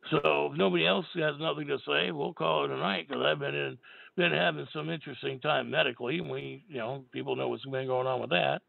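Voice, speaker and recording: A tired man with a raspy voice, hosting a call-in talk show and rambling emphatically. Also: a little high, fairly even intonation, a little fast, no echo. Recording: tinny phone line.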